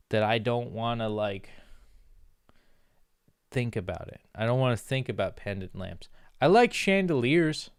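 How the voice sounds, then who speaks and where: A young man, ranting on a livestream in a loose, profane and sarcastic way. His voice is smooth and clear at a middling pitch, and he slips into mocking put-on snob voices now and then. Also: animated, a little slow, long pauses, dry recording, studio quality. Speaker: streamer. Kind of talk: casual rant on a livestream.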